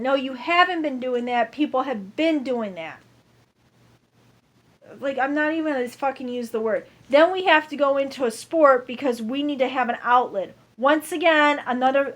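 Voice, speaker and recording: A woman's voice: high voice, a bit bright. A woman ranting to camera in a heated, profane monologue, repeating herself over and over.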